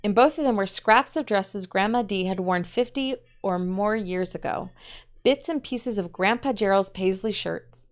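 A woman teacher reads a story aloud in a smooth, clear voice of middle pitch. She tells it in a measured way and breaks off now and then to explain a point to the class. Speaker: literature teacher.

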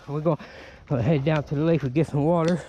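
A man's voice: a little high, steady tone, fairly quick, mellow, slight background noise. A man vlogging in the woods, chatting casually, talking to his dog and swearing now and then. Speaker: bushcraft vlogger. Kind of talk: casual vlog talk. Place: outdoors in the woods.

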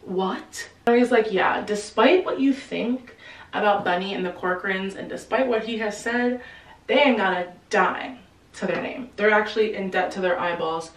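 A woman casually retelling a novel's plot in a chatty, slangy way, quickly acting out the characters' lines. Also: medium pitch, reverberant, recorded from a distance, low-quality recording. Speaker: book explainer. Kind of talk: casual book recap.

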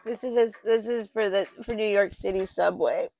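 A woman's voice: mid-range voice, steady tone, moderate pace, gravelly, a little mellow. A woman hosting an unboxing vlog, thinking aloud and easily moved as she goes through the items. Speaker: channel host. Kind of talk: unboxing vlog, talking to herself.

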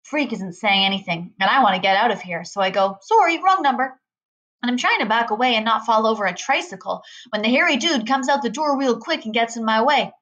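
Woman reading a chapter book out loud, lively, kinda high voice. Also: fast, few pauses, muffled recording. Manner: lively first-person storytelling. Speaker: reader. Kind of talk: reading a novel aloud.

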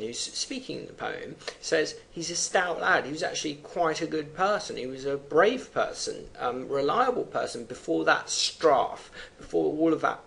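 A man's voice: medium pitch, gravelly, a bit bright. A man teaching, explaining a poem line by line and thinking aloud with fillers between readings, over faint background noise.

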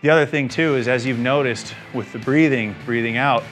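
A man's voice: mid-range voice, brisk, a bit bright, soft background music. A young man, a fitness instructor, leading a guided exercise class with encouraging cues and frequent check-ins.

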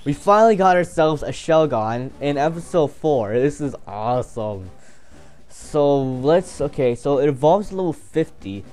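A young man giving casual, excitable commentary while playing a game, swearing and joking to himself. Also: a little high, unhurried. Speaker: gameplay commentator.

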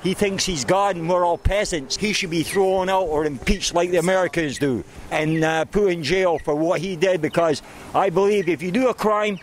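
A man with a slightly high voice rants angrily at a street interviewer. Faint traffic sounds come from the city street around him. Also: moderate pace. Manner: angry political rant. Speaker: passerby interviewed.

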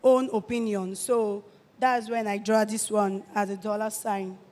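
An eighteen-year-old woman with a Nigerian accent gives a halting personal testimony, often restarting her phrases. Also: medium pitch, little pitch movement, darkish tone, long reverb tail. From Delta State, Nigeria. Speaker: testifying church guest.

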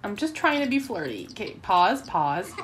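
A woman's voice: mid-range voice, very animated, moderate pace, fairly bright tone, a little hiss or hum. A woman hosting a let's play, giving chatty gameplay commentary and getting easily flustered and melodramatic.

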